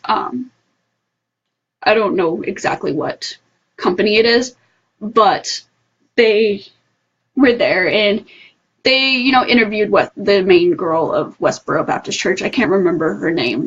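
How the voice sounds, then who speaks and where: A woman's voice: mid-range voice, fairly bright tone, husky, highs cut off. A woman giving her heartfelt opinion in a casual livestream monologue, earnest and full of fillers. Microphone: phone livestream.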